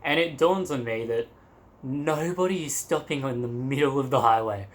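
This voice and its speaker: A man's voice: mid-range voice, normal speed. A young man in a travel vlog, telling a story to the camera in a loose, rambling way, with laughs and crude asides. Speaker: travel vlogger.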